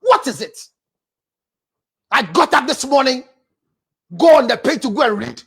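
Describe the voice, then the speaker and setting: A Ghanaian woman counselor giving blunt, scolding advice and breaking into shouts. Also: high voice, animated, measured pace, gravelly, slightly rough.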